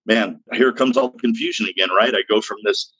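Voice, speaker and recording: A man's voice: lowish voice, a little fast, a bit bright, breathy edge, dry recording, lo-fi sound. A man in his fifties, a podcast guest, telling his own story in a blunt, frank, plainspoken way with casual slang. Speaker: podcast guest, recovery interventionist. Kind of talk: candid personal storytelling.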